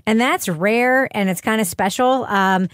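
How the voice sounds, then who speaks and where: A woman's voice: a little high, a little slow, clean tone, dry recording, studio quality. A woman hosting a podcast in casual panel chat, chatty and often laughing as she talks. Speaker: podcast host.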